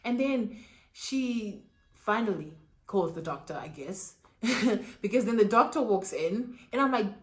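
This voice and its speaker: A young woman vlogger telling a personal story in a lively, dramatic way with casual slang. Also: mid-range voice, measured pace. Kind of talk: storytime vlog.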